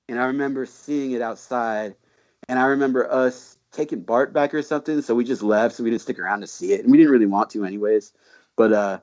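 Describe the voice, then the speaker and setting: A man in mid-range pitch tells a story in loose, casual chat. He is slangy and swears a lot, with plenty of fillers and restarts. His voice comes through a slightly dull, lo-fi recording. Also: darkish tone. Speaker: podcast guest.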